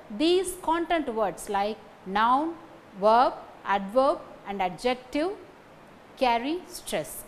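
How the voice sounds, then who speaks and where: A woman with an Indian English accent giving a recorded lecture, speaking deliberately and pausing often with an "okay". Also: fairly high pitch, a little hiss or hum. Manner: slow, deliberate, punctuated by frequent okays.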